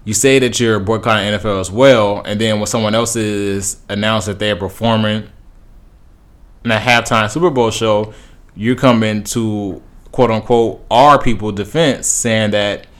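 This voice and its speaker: A man's voice: fairly low pitch, fairly even intonation, moderate pace, a bit bright. A man giving casual, rambling opinion commentary as a podcast host, with many fillers and restarts.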